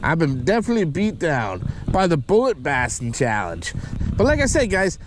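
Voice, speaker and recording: A man hosts a fishing vlog outdoors on the water, talking through his lures and excitedly whooping loudly whenever he lands a fish. His voice sits on the high side at a moderate pace, with a slight hiss or hum.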